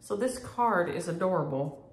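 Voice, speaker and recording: A woman's voice: fairly low pitch, lively intonation, moderate pace. Chatty woman in an echoey room. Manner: homey, chatty, uses y'all. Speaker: flosstube host. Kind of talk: casual chat to camera.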